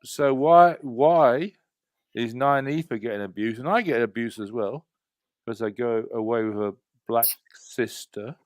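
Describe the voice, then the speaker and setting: A relaxed man talking in easy slang on a group call. His voice is dry and close, with no room echo at all. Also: mid-range voice, a little slow. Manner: laid-back, slangy. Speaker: livestream panel guest. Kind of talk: casual chat.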